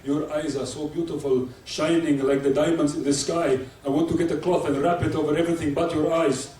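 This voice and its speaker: Man doing a slow solemn poetic suitor. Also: on the high side, level tone, echoey room, recorded from a distance, noisy background, natural voice.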